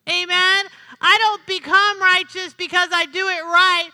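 A woman's voice: very high-pitched, a little slow, bright, forceful tone. A woman pastor preaching a sermon, with call-and-response and repeated lines for emphasis. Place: church sanctuary. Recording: long hall reverb.

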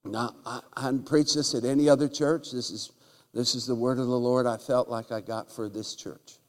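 A man preaching a humorous sermon in a church, telling jokey stories and breaking into loud shouts. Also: medium pitch, fairly even intonation, normal speed. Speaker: guest preacher. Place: church sanctuary. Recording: large hall with long reverb.

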